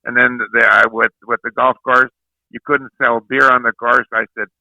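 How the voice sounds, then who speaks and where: Older man, gravelly rambling storyteller. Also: medium pitch, level tone, moderate pace, pushed and bright, no echo, poor audio. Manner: rambling, repeats words, chuckling raconteur. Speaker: guest.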